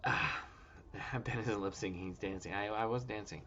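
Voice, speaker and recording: His voice on the low side, bright and forceful, this thirtysomething livestream host talks at a moderate pace from home. He keeps it casual, joking and profane, over dull lo-fi stream audio with a little hiss or hum.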